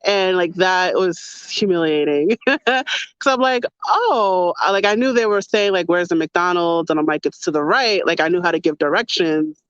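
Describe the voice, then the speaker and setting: A woman's voice: fairly low pitch, animated, moderate pace, smooth, no echo, muffled recording. A woman from the United States hosting a podcast, chatting casually and often laughing while recounting stories. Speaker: podcast host. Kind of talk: casual conversation.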